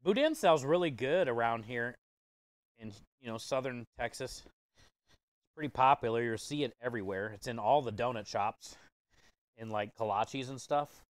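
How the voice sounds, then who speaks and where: Smooth-voiced man chatting while cooking. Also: medium pitch, moderate pace, no room sound. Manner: easygoing, joking with chat, chuckles often. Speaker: food truck chef and livestreamer. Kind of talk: casual livestream cooking chat.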